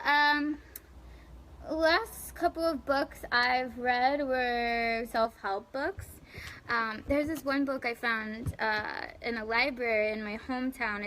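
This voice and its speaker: A woman's voice: fairly high pitch, fairly bright tone, a little hiss or hum. Bubbly, giggly young woman live-streaming. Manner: bubbly, giggly and chatty, thanking viewers by name; loose and rambling with fillers. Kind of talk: casual live chat reading viewer comments.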